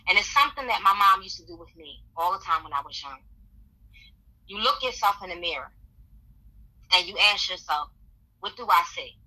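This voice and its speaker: A woman with a strikingly bright, forceful voice gives motivational advice as a podcast guest. She speaks earnestly and encouragingly, and she returns often to repeated affirmations. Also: mid-range voice, expressive, a little fast, long pauses, rough recording.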